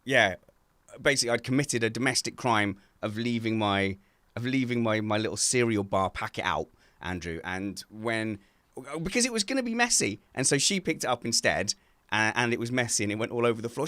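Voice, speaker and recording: A man co-hosting a casual chat from home over a video call, telling animated stories and laughing often. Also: lowish voice, brisk, dry recording. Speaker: podcast co-host.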